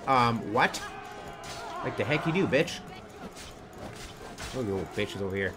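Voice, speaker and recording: Foul-mouthed, animated male gamer. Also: mid-range voice, over music. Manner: profane, quick to rage, swearing at enemies; joking, laid-back banter. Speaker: gaming streamer. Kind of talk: let's play commentary.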